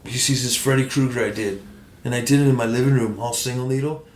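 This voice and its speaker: A man, a tattoo artist guest, telling stories in an animated, profane, casual way. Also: mid-range voice, fast talker. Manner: animated, profane, self-taught pride. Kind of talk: casual storytelling. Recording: echoey room.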